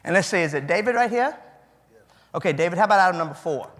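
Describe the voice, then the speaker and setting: A man's voice: high voice, expressive, fast, fairly bright tone. A man with a Cajun accent giving an interactive keynote speech in a folksy, chatty way, repeating the audience's answers back to them. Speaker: keynote speaker. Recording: hall reverb.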